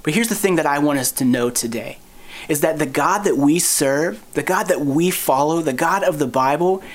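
A male pastor giving a sermon for an online church, relaxed and conversational, mixing in dad jokes. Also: fairly high pitch, moderate pace. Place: recorded for online church at home.

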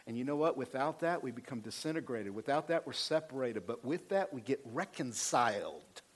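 A male pastor preaching a sermon, calling for amens and swinging from hushed, slow points to rising fervor. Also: medium pitch.

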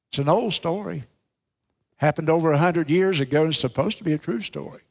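Male preacher, earnest direct sermon delivery, slightly high-pitched voice. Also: fairly quick, gravelly. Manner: earnest, addresses listeners directly. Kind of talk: sermon with storytelling.

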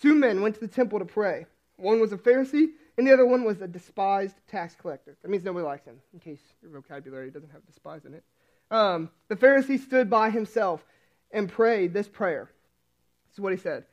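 A young man with a high voice preaches in a relaxed, chatty way, stumbling and restarting as he tells a story about himself. The recording sounds dull and lo-fi. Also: a little fast. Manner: chatty, self-deprecating storytelling with many restarts. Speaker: youth pastor. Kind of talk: casual sermon with personal story.

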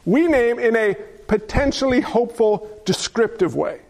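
Male pastor, high pitched, preaches with playful asides and rhetorical questions. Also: expressive, normal speed. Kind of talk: sermon.

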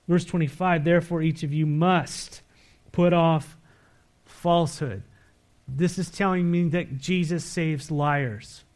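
A pastor preaching a sermon, reading scripture verses aloud and pressing the congregation with direct questions. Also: male voice. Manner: swings between emphatic, louder lines and low, quiet asides.

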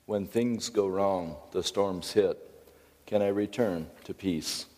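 Deep-voiced man preaching in an echoey hall. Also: takes it slowly, mellow. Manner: folksy, conversational preaching with storytelling asides. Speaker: pastor. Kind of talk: sermon.

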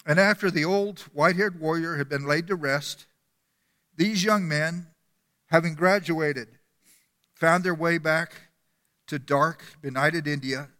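Male preacher, high bright voice, earnest sermon storytelling, long church echo. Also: unhurried. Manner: earnest storytelling, repeating words. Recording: long hall reverb.

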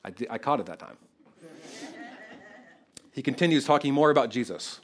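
A man preaching an expository sermon in an animated, conversational way, often checking in with the congregation. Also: mid-range voice, normal speed, long pauses. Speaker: pastor.

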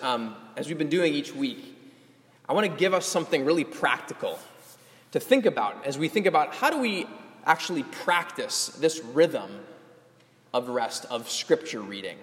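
A male pastor closing a sermon with practical teaching, gentle and earnest, often restarting his phrases. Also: mid-range voice, big-room sound.

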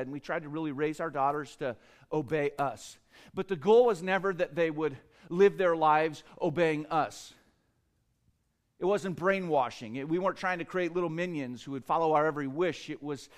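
A middle-aged man preaching a sermon as pastor, emphatic, with repeated words and swings between loud and soft. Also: high-pitched. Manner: emphatic preaching with repetitions, rising and falling loudness.

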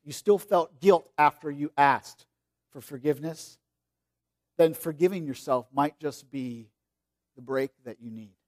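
A man preaching a sermon in a conversational way, often restarting his sentences and swinging between loud, stressed phrases and quiet, low ones. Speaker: pastor.

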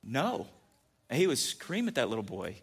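A man's voice: mid-range voice, very animated, fast, slightly rough. A man preaching a casual, joking sermon, telling stories and often restarting his sentences. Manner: chatty and joking, with many restarts. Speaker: pastor.

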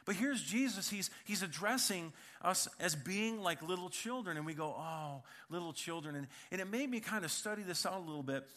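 A man's voice: high-pitched, expressive, normal speed, few pauses, sharp tone. A man preaching a sermon in church, opening with prayer and then telling a humorous personal story in a conversational way, speaking directly to the congregation. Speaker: pastor.

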